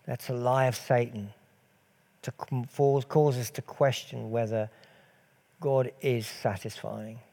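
Mellow-voiced male preacher. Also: mid-range voice, fairly even intonation, takes it slowly, creaky. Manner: earnest, rhetorical questions, swells and drops in volume. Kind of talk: sermon.

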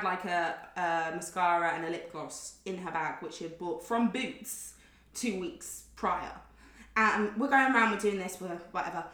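A young woman, a podcast guest, telling stories in casual chat and acting out dialogue with frequent laughter. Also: on the low side. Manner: animated, laughs often, acts out dialogue. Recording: roomy echo.

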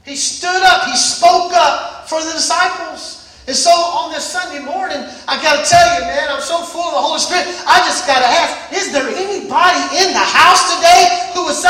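A high, bright-voiced preacher delivering a Sunday sermon, repeating phrases and rising into shouts. The voice rings around a very echoey church and is picked up from a distance. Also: moderate pace, hardly any pauses. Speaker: pastor. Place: church service.

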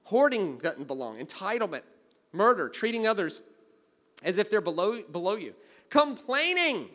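A man preaching a sermon, telling stories and swinging from quiet asides to loud exclamations. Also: sits high, big pitch swings, normal speed. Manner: storytelling, jumping from hushed to loud exclaiming. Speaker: pastor.

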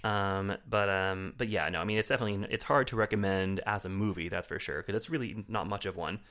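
A man co-hosting a film podcast, chatting casually and telling stories with lively put-on voices. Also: brisk. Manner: animated storyteller, jumps into shrill impressions. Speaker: podcast co-host. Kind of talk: casual film review chat.

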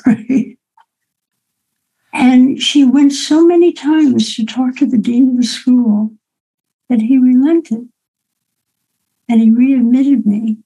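A woman in her eighties telling a personal story to an audience, unhurried and reflective, often adding "right?" to her sentences. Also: a little high, vocal fry, mellow, slightly rough, low-quality recording. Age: 80s.

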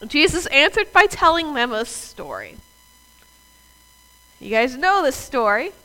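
Woman preaching, high voice that swoops all over, chatty with the crowd. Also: very animated, a little slow, pushed and bright, poor audio. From US South. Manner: conversational, addresses the congregation directly. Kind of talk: sermon.

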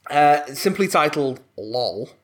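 A young man co-hosting a casual comedy podcast, reading listener emails aloud in an excitable, sweary, giggly way. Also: a little high, slow, slight background noise.

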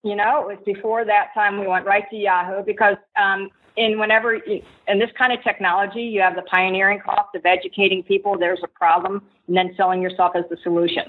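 A woman entrepreneur, a podcast guest, telling her story in lively anecdotes. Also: medium pitch, fairly quick, hardly any pauses. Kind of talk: interview answers, storytelling. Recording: tinny phone line.

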